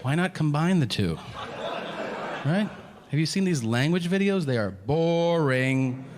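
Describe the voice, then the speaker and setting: A man doing a stand-up comedy set on a club stage, crude and deadpan in his setups, then shouting the punchlines. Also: mid-range voice. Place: comedy club stage before a live audience. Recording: reverberant venue with audience noise. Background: audience laughter.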